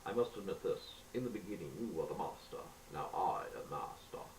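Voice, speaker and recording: Give me a man playing a mocking mutant villain, low-voiced, recorded from a distance with light hiss. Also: lively intonation, brisk, darkish tone, roomy sound. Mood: gloating. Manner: taunting, mocking. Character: gloating evil male mutant swordsman villain.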